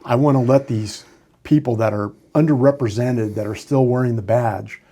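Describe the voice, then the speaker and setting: This is a man in his sixties, a retired sheriff's lieutenant, sharing candid stories in a relaxed podcast conversation. His voice sits at a middle pitch with a dark, mellow color, and he leans on fillers as he thinks aloud. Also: normal speed. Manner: candid storytelling with frequent fillers. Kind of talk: casual podcast interview.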